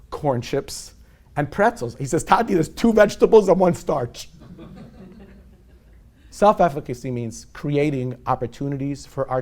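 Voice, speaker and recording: A man in his forties, a rabbi giving a lecture on parenting to a live audience, telling stories with humor and sprinkling in Yiddish and Hebrew terms. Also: medium pitch. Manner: warm and self-deprecating, with humor.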